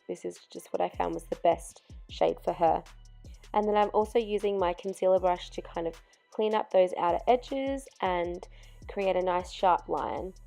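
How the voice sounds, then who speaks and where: A woman's voice: lowish voice, vocal fry, mellow. A young woman narrating a makeup tutorial voice-over step by step, chatty, while losing her voice. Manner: chatty, step-by-step explaining with fillers. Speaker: makeup artist.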